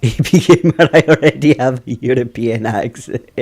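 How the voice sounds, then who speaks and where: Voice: medium pitch, a little slow, a little mellow. A streamer chatting casually with viewers from a computer desk at home, laughing often between remarks. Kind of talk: casual live-stream chat.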